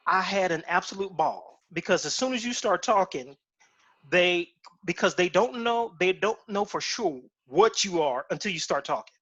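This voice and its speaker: Animated man telling stories, lo-fi. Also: high voice, moderate pace. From Cincinnati, Ohio. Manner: animated storyteller who acts out voices in his anecdotes. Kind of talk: casual chat. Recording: dull lo-fi stream audio.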